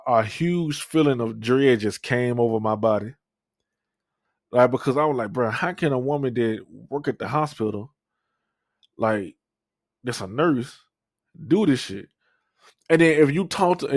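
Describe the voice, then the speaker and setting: A man's voice: medium pitch, no echo, studio quality. A young man, telling a profane, rambling story on a podcast with lots of fillers and restarts. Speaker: podcast co-host. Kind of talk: casual storytelling.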